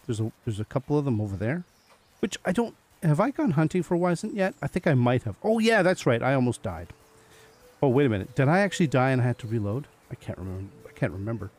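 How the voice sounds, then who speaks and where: A man's voice: medium pitch, a little mellow. A man giving casual gameplay commentary, chatting to the animals he meets and laughing often as he plays. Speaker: gaming video host.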